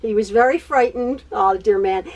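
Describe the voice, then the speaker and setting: Speaking at normal speed in a fairly high, slightly mellow voice, a woman hosts a quilting tutorial from her sewing room at home. She catches viewers up on her life in a rambling way, laughing often, repeating herself, and stuttering.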